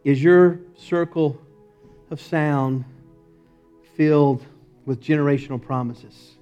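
A male pastor preaching a sermon in a church, moving from loud emphatic lines to low, quiet ones. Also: a little slow, highs cut off, faint music behind. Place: church sanctuary.

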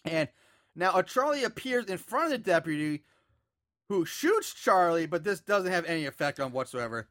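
A man's voice: high-pitched, animated, normal speed, fairly bright tone, no echo, studio quality. A man co-hosting a podcast, recapping a movie plot with sarcastic asides. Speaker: podcast co-host.

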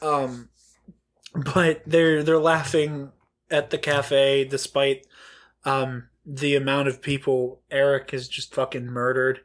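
A man's voice: mid-range voice, little pitch movement, slow. A man in casual podcast chat, recapping a film sarcastically with lots of fillers, swearing and laughing asides.

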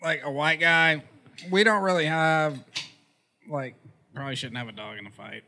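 A man's voice: a little high, moderate pace, bright, forceful tone, slight background noise. A man co-hosting a podcast in casual chat over beer, laid-back and chatty. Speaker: podcast co-host.

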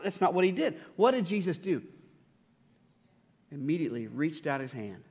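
A man's voice: sing-song, normal speed, long pauses, in a large hall. A man preaching a sermon, acting out the Bible voices in dramatic bursts and often repeating himself. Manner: dramatic, acts out the Bible voices with rising pitch and force; repeats words and restarts often. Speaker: pastor.

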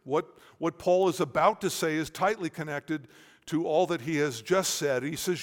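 A man preaching an expository sermon, swinging between forceful stressed words and quiet, searching questions. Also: fairly high pitch, normal speed. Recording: long reverb of a large hall.

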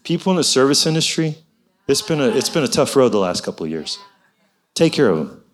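A middle-aged man gives a testimony in an animated, conversational preaching style. He mixes exhortation with loose storytelling asides at a mid-range pitch. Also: a little fast. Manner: animated, exhorting, full of "you know" asides. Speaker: Christian minister telling a personal story.

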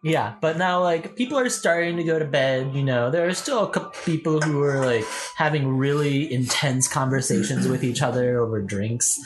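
A woman running a tabletop game as game master, describing scenes in a relaxed, unhurried way with plenty of fillers. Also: a bass voice, noisy background.

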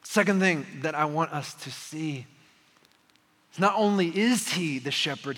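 A young man preaching a sermon with a high, bright voice and a husky edge. He moves between easy storytelling and impassioned preaching. The long reverb of a large hall trails every phrase. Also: unhurried. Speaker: pastor.

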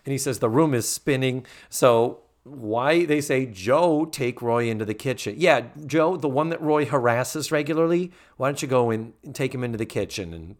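A man's voice: medium pitch, normal speed, few pauses. A man casually recapping a sitcom episode as a podcast co-host, chatty and acting out quotes. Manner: chatty, acts out quotes, many fillers.

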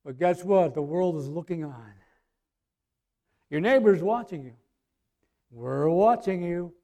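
A man preaching a sermon in a conversational way, asking the congregation questions and swinging from quiet asides to loud emphasis. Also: a little high, animated, unhurried.

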